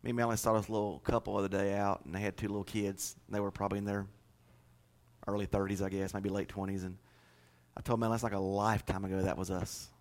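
A man's voice: fairly low pitch, level tone, fast. A middle-aged man preaching a sermon in a folksy, joking way, speaking straight to the congregation. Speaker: pastor.

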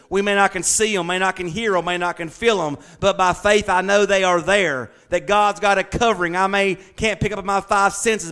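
A man's voice: sits high, a bit bright, clean tone. A man preaching a sermon, reading scripture and building fervently into proclamations. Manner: reads scripture aloud.

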